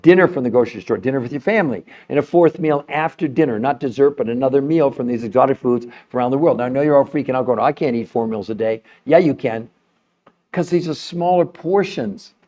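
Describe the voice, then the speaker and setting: An older man hosting a live stream, talking to the chat in an emphatic, salesy way, with his voice jumping high on key points. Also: fast talker, a little mellow, dull audio.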